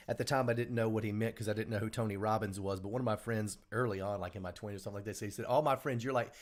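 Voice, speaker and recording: A middle-aged man hosting a live show, giving an earnest motivational talk and repeating his key lines for emphasis. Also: lowish voice. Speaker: show host. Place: small home studio.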